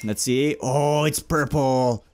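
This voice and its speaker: A man's voice: medium pitch, slow pace, darkish tone, soft background music. A young man giving playful let's play commentary, chatting with game customers like a shopkeeper. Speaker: gaming YouTuber.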